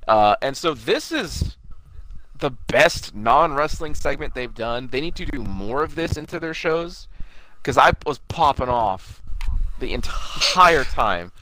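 A man's voice: mid-range voice, sing-song, slow pace, bright, forceful tone, low-quality recording. A young man in casual chat, enthusiastic and profane, stretching words out for emphasis. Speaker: podcast co-host.

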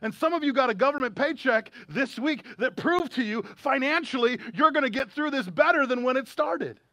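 A man's voice: very high-pitched, expressive, a little fast, sharp tone, no echo. A male American pastor preaching a sermon in a conversational way, with humorous asides, during a streamed church service. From United States.

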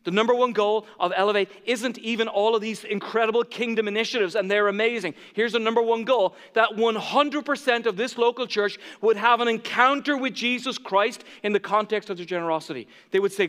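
High-voiced pastor preaching in a hall. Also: male voice, a little fast, hardly any pauses, smooth. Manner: impassioned preaching that swells loud, then drops to soft asides. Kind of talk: sermon. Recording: church hall reverb.

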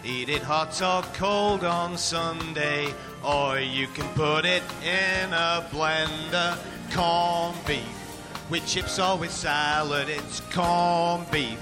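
A cheesy ad jingle, slow and bouncy, music right under it. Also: male voice. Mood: cheery. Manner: cheery sales pitch. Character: upbeat adult male advert singer. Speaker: jingle singer in a comedy-show advert. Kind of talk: sung advert jingle. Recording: jingle with clear music behind.

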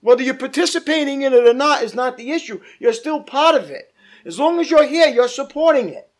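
A man's voice: very high-pitched, expressive, a little fast. A male pastor leading a Bible study, teaching emphatically, repeating points and asking the group questions.

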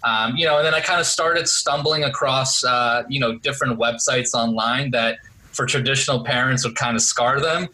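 Bright-voiced male interview guest. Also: medium pitch, normal speed, rough recording. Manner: relaxed storyteller, many fillers. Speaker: podcast guest, real estate investor. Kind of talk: casual interview chat. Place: Boston area.

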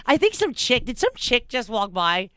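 Animated woman podcast host, smooth voice. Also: normal speed, no echo. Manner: animated, swearing, laughs often, big pitch swings; storytelling, reads news aloud with commentary. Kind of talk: casual chat.

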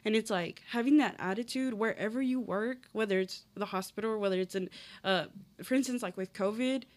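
A woman's voice: mid-range voice, fairly quick. A woman in her twenties talking earnestly in casual conversation, with many fillers. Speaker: guest.

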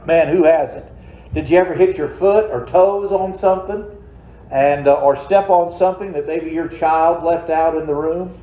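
A pastor preaches a midweek sermon in a church sanctuary, folksy and conversational, with plenty of rhetorical questions for the congregation. His voice is a little high and mellow, at a moderate pace. The recording has a roomy church echo.

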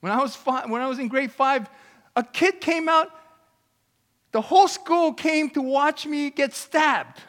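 Male pastor preaching, bright and forceful, not a native English speaker, shifts between loud and hushed. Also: very high voice, measured pace, in a large hall. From Canada. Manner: swings between loud exclamations and hushed storytelling. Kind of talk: sermon with personal testimony.

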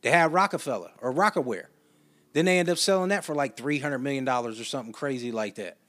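A man's voice: mid-range voice, fast, a bit bright. A man hosting a casual solo podcast, telling stories in a loose, chatty way with slang and asides. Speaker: podcast host.

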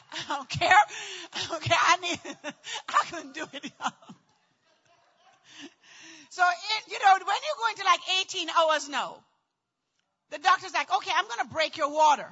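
A woman in middle age telling a personal story in a dramatic, animated way, acting out voices and often shouting. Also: very high-pitched, slow pace, pauses often, lo-fi sound. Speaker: storyteller recounting childbirth.

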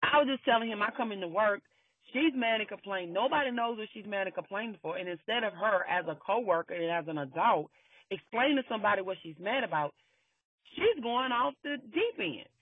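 A man's voice: sits high, animated, a little fast, slightly rough, no room sound. A man telling a workplace story in casual chat, emphatic and swearing freely, often repeating his phrases. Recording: tinny phone-like line.

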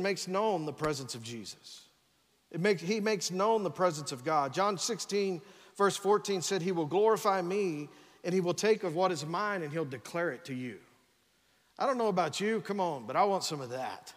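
A man's voice: high voice, expressive, normal speed. A man preaching a sermon as pastor, talking energetically, often saying "come on" and restarting his words. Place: church sanctuary. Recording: long reverb of a large church hall.

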